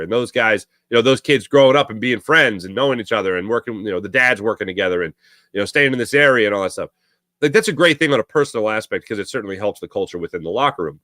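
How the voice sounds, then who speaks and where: A middle-aged sports podcast host with a slight Philadelphia accent rambles through team news and his own plans. His voice sits a little low but has a bright, forceful edge. The recording is close and dry. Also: dry recording. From Philadelphia area. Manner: rambling, conversational, frequent fillers and restarts. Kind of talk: casual sports talk monologue.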